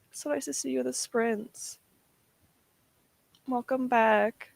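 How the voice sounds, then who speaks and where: A woman hosts a casual livestream, chatting with her viewers in a self-deprecating way while emotional and near tears, her throat sore. Her voice is high-pitched and gravelly, and the recording is dry.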